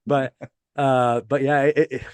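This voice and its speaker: A middle-aged man with a French accent, a native French speaker, chatting casually as podcast co-host, halting and restarting often. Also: medium pitch, level tone, clean tone, no echo. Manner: rambling, halting with many restarts. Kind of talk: casual chat.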